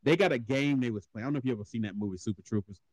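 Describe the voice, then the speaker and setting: A man hosting a casual podcast chat, telling stories with lots of laughing and quick impressions. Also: mid-range voice, no echo. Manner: animated storyteller, laughs often, mimics voices. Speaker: podcast host.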